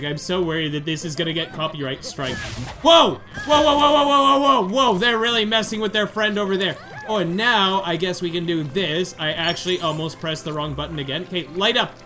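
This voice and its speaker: A man giving chatty, excitable commentary over his own video game playthrough. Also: sits high. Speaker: gamer doing a playthrough. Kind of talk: casual let's-play commentary. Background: game music.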